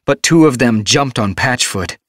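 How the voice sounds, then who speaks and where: A man voicing a calm, capable female cat warrior in an audiobook, brisk and reassuring. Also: mid-range voice, no echo, studio quality, pitched above the performer's own voice. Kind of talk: audiobook character voice.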